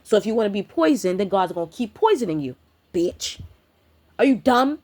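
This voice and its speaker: A woman's voice: medium pitch, sing-song, a little fast, dark tone. A woman giving a blunt, profane, confrontational rant in a spiritual vlog. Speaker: spiritual content creator. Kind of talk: ranting vlog monologue.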